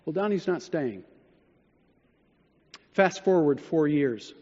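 A man preaching a sermon, telling a story and dropping low and quiet when he quotes others. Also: expressive, takes it slowly. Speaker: pastor. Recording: dull sound in a reverberant hall.

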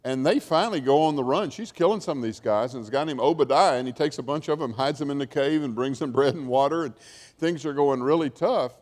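A man's voice: mid-range voice, fast talker, a little mellow. Wry, chatty man teaching in a hall. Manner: chatty, wry, asides and chuckles. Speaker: Bible teacher. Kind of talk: informal lecture storytelling. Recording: long hall reverb.

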